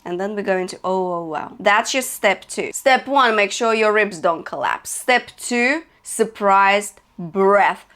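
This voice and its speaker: A woman's voice: medium pitch, unhurried, few pauses, fairly bright tone. A woman teaching a singing lesson as a vocal coach, checking in often and demonstrating notes. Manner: encouraging, checks in with "okay?" and "yeah?"; demonstrates sung notes between spoken instructions.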